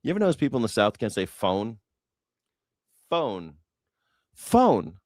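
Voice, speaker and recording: A man's voice: lowish voice, sing-song, normal speed, no room sound, studio quality. A man hosting a casual news reaction livestream, talking in a sarcastic, profane and rambling way. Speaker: host of a news reaction stream.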